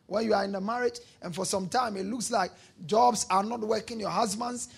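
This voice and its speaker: A man preaching a sermon in a high, gravelly voice with a raspy edge. He hammers key lines again and again, calls on the congregation to say them back, and rises into shouts when he drives a point home. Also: brisk. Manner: emphatic preaching, repeating lines and prompting call-and-response. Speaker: pastor.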